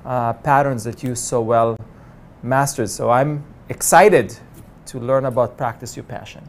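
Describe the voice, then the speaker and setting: An interview co-host talking eagerly and quickly, with many fillers. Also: medium pitch. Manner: fast, filler-heavy, eager.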